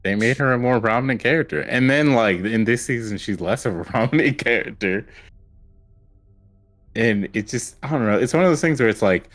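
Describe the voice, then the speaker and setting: A man's voice: mid-range voice, expressive, a little fast, fairly bright tone. A man co-hosting a podcast, recapping a show in a rambling, casual way with lots of fillers and acted-out quotes. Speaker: podcast co-host. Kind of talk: casual chat.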